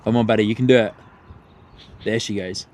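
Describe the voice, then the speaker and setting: A man hosting a live plane-spotting stream outdoors at an airport, chatting with viewers in a rambling way, with many fillers and restarts, and excited by good landings. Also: fairly low pitch, fairly quick. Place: outdoors at an airport viewing spot. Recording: outdoor traffic noise. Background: outdoor traffic and ambience.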